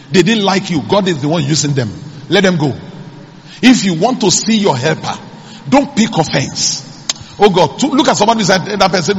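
Pastor preaching, high husky voice, echoey church hall. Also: male voice. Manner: preaching, mixing in Yoruba, calling out to the congregation. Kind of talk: sermon.

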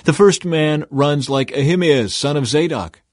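A man's voice: on the high side, a little slow, no room sound, studio quality, pitched above the performer's own voice, lightly acted. A man narrating voices an alert male watchman who calls out from a wall. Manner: calling out.

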